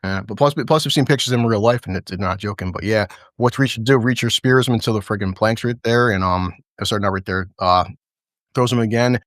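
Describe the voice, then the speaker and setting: A man hosting a casual recap chat, excitedly narrating fight scenes play-by-play with lots of swearing and laughter. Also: lowish voice, quick pace, no echo, studio quality. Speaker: show host.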